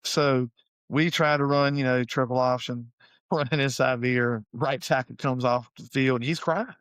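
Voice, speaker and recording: A middle-aged man tells coaching stories in an easygoing, animated, folksy way. His voice sits at an ordinary middle pitch for a man. The recording is dry and close, with almost no room sound. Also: moderate pace, clean tone, no room sound. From Savannah, Georgia, US. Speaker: high school head football coach, guest. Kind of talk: casual storytelling interview.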